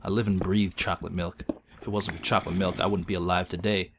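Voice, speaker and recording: A man hosting a gaming video, telling an absurd made-up story in a deadpan, mock-solemn way that breaks into laughter. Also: deep voice, quick pace, noisy background. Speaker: Let's Play host. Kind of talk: absurd tall-tale storytelling while gaming.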